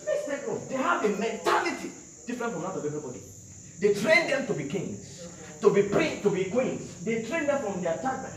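A man's voice: high-pitched, very animated, a little fast. A man preaching, emphatic and repetitive, quizzing his congregation. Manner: emphatic, repeats lines, questions the congregation. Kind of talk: sermon. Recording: very echoey hall from far off, faint noise.

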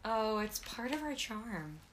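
A woman's voice: a little high, big pitch swings, unhurried, a bit bright, a little hiss or hum. A woman co-hosting a podcast, chatting casually and teasingly while eating, laughing often. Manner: giggly, teasing. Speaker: podcast co-host.

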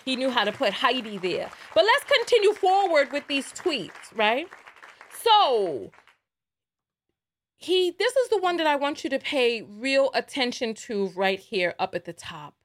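A woman with a somewhat high voice hosts a livestream and delivers emphatic commentary. She presses her points, repeats herself for weight and keeps tossing in rhetorical asides to her viewers. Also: sing-song, a little slow. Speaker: livestream host.

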